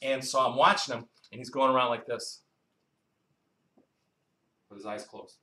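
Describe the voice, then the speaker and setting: A man preaching a Bible-teaching sermon in a roomy hall, his voice carrying with a clear echo. He talks conversationally, throws questions at the listeners and often answers them himself, drifting into stories and asides. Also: medium pitch, fairly even intonation, normal speed, sharp tone. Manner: quizzes the congregation, asks and answers its own questions.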